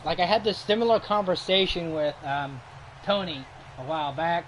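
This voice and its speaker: A man's voice: a little high, normal speed, fairly bright tone, a little hiss or hum. A man hosting a casual chat, rambling through stories with frequent laughs and trailing off. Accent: Boston. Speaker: host.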